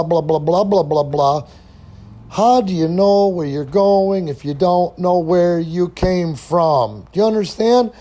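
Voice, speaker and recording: Profane storytelling man, mellow voice. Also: a little high. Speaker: wrestling channel host. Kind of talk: casual storytelling monologue.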